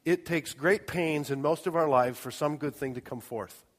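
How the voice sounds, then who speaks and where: A middle-aged man preaching a sermon, telling a personal story and acting out scenes with sudden shouts and asides. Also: on the high side, normal speed. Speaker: pastor. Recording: long hall reverb.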